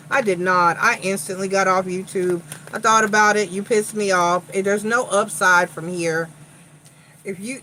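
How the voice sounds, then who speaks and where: A woman's voice: mid-range voice, sharp tone, slight background noise, rough recording. A woman from Long Island, New York with a Long Island accent touched by a slight Southern tinge, a tarot reader chatting bluntly and profanely during a casual livestream.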